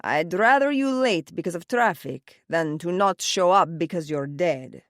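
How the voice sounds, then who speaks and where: A woman's voice: lowish voice, lively intonation, unhurried, no echo, studio quality. A woman voicing a growling Italian mob-boss father. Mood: scolding. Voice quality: growling, stern. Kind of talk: audiobook character voice. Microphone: close studio mic, dry.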